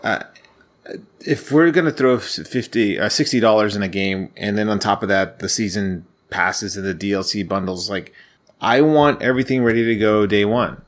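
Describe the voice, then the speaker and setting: A man's voice: on the low side, moderate pace. A man on a gaming podcast, ranting in an exasperated way. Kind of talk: casual gaming podcast chat.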